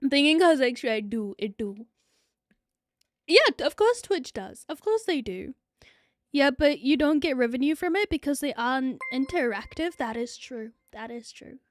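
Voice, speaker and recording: High-voiced, blunt woman streamer. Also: expressive, moderate pace, no room sound. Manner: profane, blunt, laughs often. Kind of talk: casual livestream chat.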